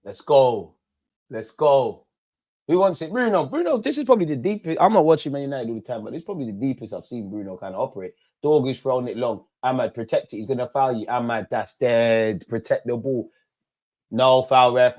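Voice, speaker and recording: A young man doing a live football watch-along, shouting at players and the referee in slangy banter. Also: mid-range voice, lively intonation, fairly quick.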